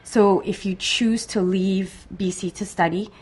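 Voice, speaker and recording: A woman from Canada, a parent guest, telling her story in measured detail in conversation. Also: medium pitch, steady tone, slightly rough.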